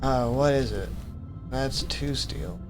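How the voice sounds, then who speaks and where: A man's voice: medium pitch, takes it slowly, music in the background. A man streaming a game, thinking aloud, rambling and correcting himself, teasingly calling his viewers his vamplings while he puts on an accent. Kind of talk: casual gaming commentary.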